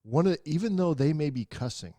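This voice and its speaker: A man co-hosting a casual chat show, explaining his points at length in a relaxed, conversational way. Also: a little high, fast talker, no echo. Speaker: co-host.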